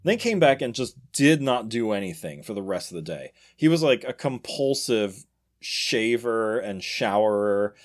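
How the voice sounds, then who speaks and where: A man's voice: lowish voice, a little slow. A man hosting a podcast, casually telling a story and laughing often as he goes. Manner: laughs often, animated retelling with acted quotes. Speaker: podcast host.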